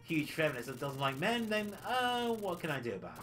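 Giggly man with a lively voice. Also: a little high, fairly quick, faint music behind. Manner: giggly, rambling, cheeky banter with frequent laughs. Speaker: retro game streamer. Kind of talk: casual livestream chat while playing.

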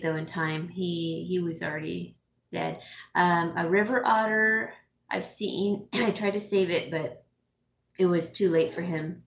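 A middle-aged woman who works as a home stager and vlogger reads viewer comments in a casual chat, teary and sniffling, with many fillers and laughs. Her voice is lowish, and there's slight background noise in the echoey room.

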